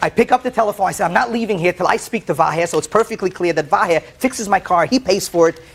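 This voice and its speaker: A man testifying as plaintiff on a courtroom show, telling his story in an animated way, often stammering and repeating words. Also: sits high, quick pace, gravelly. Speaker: plaintiff in a TV small-claims case. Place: TV courtroom set.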